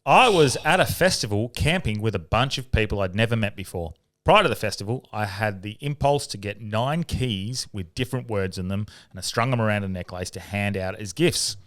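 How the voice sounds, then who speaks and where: A relaxed man with a fairly low voice, co-hosting a podcast. He reads listener stories aloud in a low, even tone, with easy, sweary banter in between. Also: brisk, few pauses. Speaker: podcast co-host. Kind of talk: casual chat, reading listener stories aloud.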